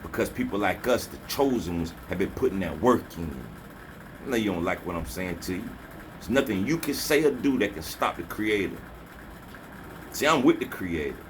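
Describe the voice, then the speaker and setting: A man's voice: low voice, lively intonation, normal speed, noisy background. A man delivering a preachy motivational rant as a spiritual vlogger, scolding and taunting his listeners with repeated slogans. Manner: repeats slogans, mocking laughter.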